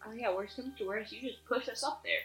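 A woman playing a tabletop game, dropping deadpan jokey asides. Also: a little high, a little fast, roomy sound, over music. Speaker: player.

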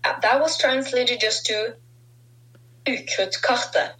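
A woman's voice: mid-range voice, lively intonation, moderate pace, sharp tone, low-quality recording. A woman from Norway with a southern Norwegian accent, co-hosting a casual group podcast in a playful, giggly way. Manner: giggly, playful, trails off and restarts. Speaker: podcast co-host.

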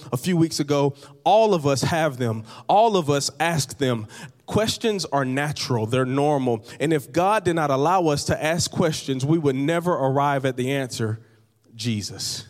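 Male pastor, slightly high voice, conversational sermon with repetition, reverberant sanctuary. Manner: conversational preaching with repeated phrases and humor. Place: church hall. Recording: long reverb of a large hall.

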